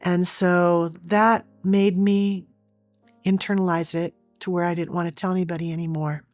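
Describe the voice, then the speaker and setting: Woman, lowish voice, earnest storyteller, dry close mic, faint music underneath. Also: flat delivery, normal speed, darkish tone, no echo. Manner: earnest, vivid retelling. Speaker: interview guest. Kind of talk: personal storytelling in an interview.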